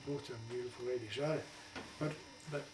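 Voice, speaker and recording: A man's voice: medium pitch, fairly quick, reverberant, far from the mic, noisy background. An older man from Iowa, a veteran, tells rambling wartime stories at home in a folksy way, with many restarts and small acted-out voices. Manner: folksy, restarts often, acts out voices in his anecdotes. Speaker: veteran interviewee. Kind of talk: rambling oral-history storytelling. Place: his home, in a room.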